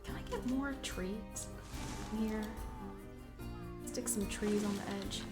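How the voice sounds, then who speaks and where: A woman with a mid-range voice streams a game live, chatty and playful. She scolds and pleads with the game animals and laughs at herself, with clear game music running underneath. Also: medium pitch, takes it slowly. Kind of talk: live gameplay stream commentary.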